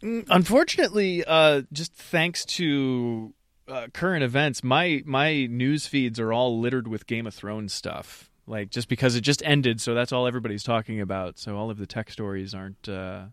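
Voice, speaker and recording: A man's voice: medium pitch, normal speed, a bit bright, dry recording, studio quality. Hesitant man chatting on a podcast. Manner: hesitant, many fillers. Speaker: podcast co-host. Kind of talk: casual chat.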